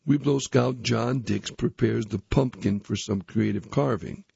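Gravelly husky man reading aloud. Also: medium pitch, measured pace, darkish tone, dry recording. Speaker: reader. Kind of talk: reading a youth magazine aloud. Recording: dull, dry recording.

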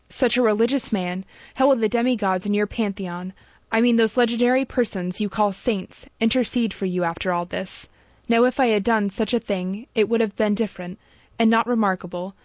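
A woman reading the part of a clever, proud young woman who speaks quickly and cuttingly in an audiobook. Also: mid-range voice, no room sound, lightly acted. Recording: dull dry lo-fi recording.

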